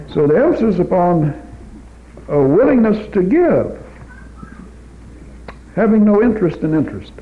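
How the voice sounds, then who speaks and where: A man preaching a teaching sermon in a church, in a measured way, quoting scripture in old King James wording, on an old tape recording. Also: high voice, very animated. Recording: tinny phone-like old tape recording, faint hiss.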